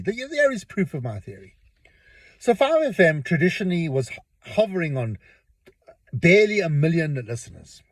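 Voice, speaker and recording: A man's voice: fairly high pitch, no room sound. A middle-aged man hosting a podcast, rambling through a casual opinion monologue and often repeating his words as he tells stories. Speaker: podcast host.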